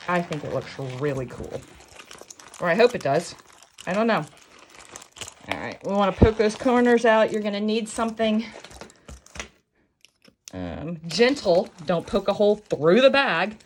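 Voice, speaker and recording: Rambling, jokey woman, lowish voice. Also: animated, unhurried, long pauses, slight background noise. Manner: rambling, self-mocking, jokey asides. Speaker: sewing tutorial host. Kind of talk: casual chatty craft tutorial.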